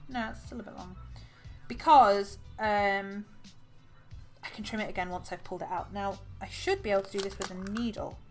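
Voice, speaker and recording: A woman's voice: mid-range voice, moderate pace, faint music behind. Chatty woman crocheting on stream. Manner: chatty and relaxed, laughs often. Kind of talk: casual live-stream chat while crocheting.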